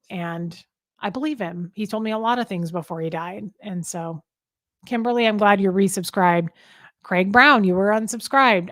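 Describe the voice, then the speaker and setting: A woman's voice: medium pitch, normal speed, fairly bright tone, dry recording, clean studio sound. Heartfelt woman chatting on a live stream. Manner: heartfelt, rambling, with many ums. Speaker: host of a live chat. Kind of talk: casual live-stream chat reading comments.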